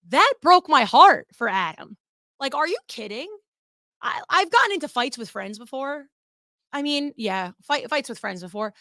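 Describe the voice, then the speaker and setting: Bright-voiced, candid woman podcast host. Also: fairly high pitch, no echo, clean studio sound. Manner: candid and chatty, swears freely. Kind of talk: casual solo podcast commentary.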